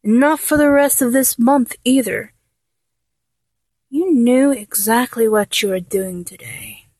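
Young woman, dominant role-play voice, mocking and teasing, very unhurried delivery, dry close sound. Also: a little high, a little mellow, slightly rough, no room sound. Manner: taunting and mocking, with frequent laughter; drops to a whisper at times.

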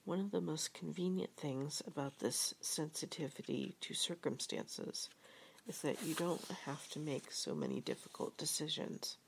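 A woman giving a soft-spoken reading of a storybook with reflective passages, often half-whispered. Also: deep voice, big pitch swings, moderate pace, creaky, slight background noise. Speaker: reader.

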